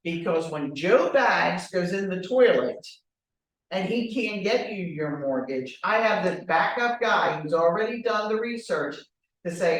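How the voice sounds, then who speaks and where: A woman's voice: mid-range voice, animated, a little slow. A woman leading a real estate training class, speaking directly and with animation, often asking rhetorical questions. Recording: echoey room, voice from far off.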